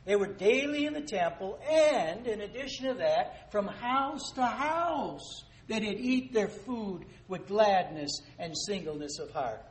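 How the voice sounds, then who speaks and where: A man preaching a sermon, emphatic and rising to loud rhetorical questions, addressing listeners as dear ones. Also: high voice, expressive, a little slow, hardly any pauses. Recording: echoey room, faint noise.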